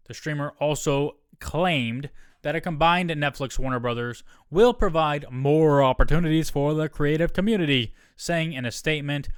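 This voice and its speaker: A man's voice: fairly high pitch, normal speed, clean tone, dry recording. A man hosting a solo podcast, reading news quotes aloud with wry asides into a close mic. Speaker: podcast host.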